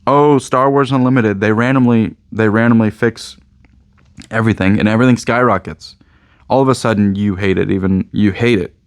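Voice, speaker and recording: Rambling low-voiced Midwestern man. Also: fairly even intonation, brisk, no room sound, clean studio sound. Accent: American Midwest. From Indiana, USA. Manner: rambling, joking, repeats himself. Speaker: card shop owner and channel host. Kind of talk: casual rant to camera.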